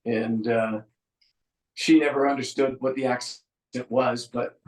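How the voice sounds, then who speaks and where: Speaking a little slowly in a mid-range voice, this middle-aged man from San Francisco is a musician guest in a casual interview. His storytelling is relaxed, dry-humored and full of ums, captured in an echoey room on a rough recording.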